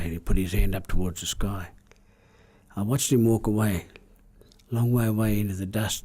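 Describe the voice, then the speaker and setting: A man with an Australian accent tells an old story aloud, his voice low, mellow and husky. He moves in a measured, repeating cadence and often sinks to a hush. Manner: measured, repetitive cadence that drops to hushed tones. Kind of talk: oral storytelling.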